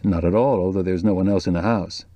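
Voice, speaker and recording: A man reading the part of a calm reporter who speaks in a kind but firm, soothing way. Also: low-pitched, fast talker, no echo, highs cut off. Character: kindly, soothing middle-aged male reporter. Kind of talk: audiobook dialogue reading.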